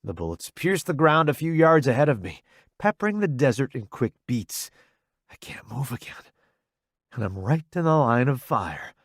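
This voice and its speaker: Expressive male audiobook narrator. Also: mid-range voice, normal speed, dry recording, studio quality. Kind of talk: first-person romance audiobook narration.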